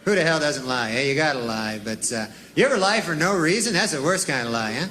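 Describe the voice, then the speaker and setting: A man doing a deadpan, rambling stand-up routine full of folksy asides. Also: a little high, brisk. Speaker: stand-up comedian. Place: comedy club stage with laughing audience. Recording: live club recording with crowd and noise.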